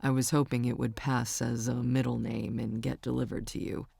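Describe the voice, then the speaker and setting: An easygoing young male country singer speaks in a low, soft, teasing voice, as a woman narrator reads his part. The audiobook is recorded close and dry, with no room around the voice. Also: level tone, moderate pace, creaky, husky, no echo, heavily acted.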